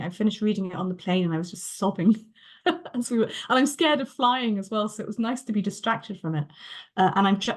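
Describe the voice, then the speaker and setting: Chatty woman author. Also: mid-range voice. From Britain. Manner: earnest, chatty, laughs often. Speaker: author guest. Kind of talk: conversational author interview.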